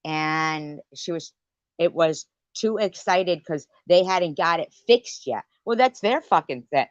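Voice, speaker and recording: Woman host, deep and slow-talking, swearing through a loose, rambling late-night stream rant on dull lo-fi audio. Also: lively intonation, no echo. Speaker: livestream host.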